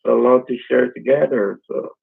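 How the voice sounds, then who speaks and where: Raspy gravelly guy on a muffled phone line, hesitant, lots of ums. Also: medium pitch, moderate pace. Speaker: scammer on the call. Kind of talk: phone conversation.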